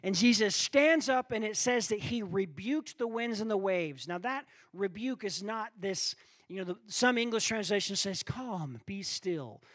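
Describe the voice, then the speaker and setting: High-voiced preacher, dry sound. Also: male voice, moderate pace, no room sound. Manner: animated storytelling, acting out quoted voices, asks the crowd for responses. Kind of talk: sermon.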